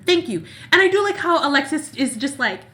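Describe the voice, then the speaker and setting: A woman co-hosts a laid-back soap opera recap, venting in long, fired-up run-on stretches. Her voice sits a touch high, with a bright, forceful edge. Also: brisk. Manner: animated, exasperated, talks in long run-on rants. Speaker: podcast co-host.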